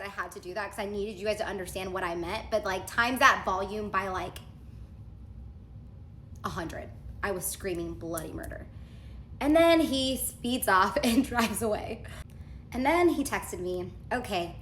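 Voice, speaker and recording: A woman's voice: medium pitch, echoey room, a little hiss or hum. A woman casually telling a dramatic personal story, acting out the texts and lines she quotes.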